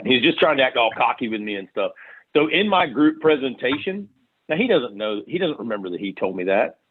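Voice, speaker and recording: A man leading a sales team meeting, telling animated stories and setting the schedule. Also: medium pitch, fast talker, husky. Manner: animated storytelling with quoted dialogue. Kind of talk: team call, casual meeting talk. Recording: tinny phone-line audio.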